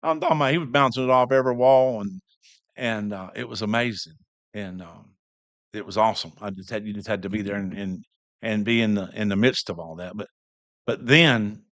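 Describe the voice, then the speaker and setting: A man's voice: fairly low pitch, a bit bright, dry recording. An older man giving a personal church testimony, telling the story in a rambling way with many restarts.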